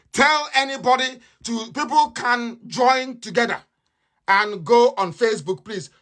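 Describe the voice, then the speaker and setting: A man with a Nigerian accent and a high, fairly bright voice broadcasts a live radio address. He is combative and mocking, repeating his points over and over.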